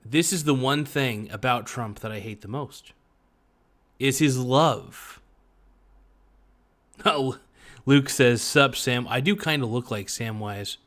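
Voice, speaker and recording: A man talking into a desk mic on a casual livestream, in a mid-pitched voice. He jokes and rambles, drags some words out slowly, then breaks into loud bursts. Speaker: livestream host.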